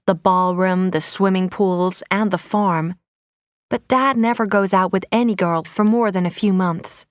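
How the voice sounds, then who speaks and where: Clear, steady woman reading a story. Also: medium pitch, no room sound, clean studio sound. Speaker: audiobook reader. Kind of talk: graded-reader story narration.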